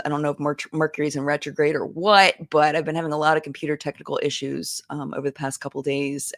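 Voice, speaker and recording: Woman in her 30s, chatty live-stream host, low gravelly voice, dry close sound. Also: no echo. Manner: chatty, reads viewer comments aloud, many fillers. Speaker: YouTuber hosting a live chat. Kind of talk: casual live-stream chat. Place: home basement.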